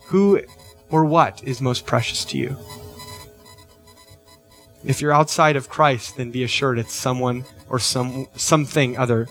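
A man's voice: mid-range voice, steady tone, a little slow, pauses often, a bit bright, soft background music. A middle-aged man preaching a sermon as pastor, earnest, often checking in with "right?" and lifting his voice on key questions.

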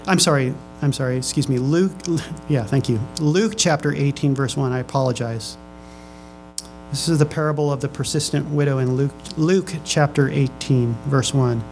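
A pastor preaching a sermon to his congregation. He reads scripture slowly, then presses the room with questions, often repeating and restarting his phrases. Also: mid-range voice, a little mellow, slight background noise, poor audio.

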